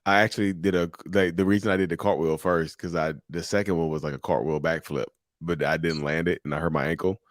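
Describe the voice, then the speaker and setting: A man hosting a live talk show, chatting in an animated, joking way and laughing often. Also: low-pitched, quick pace, no echo, studio quality. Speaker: show host.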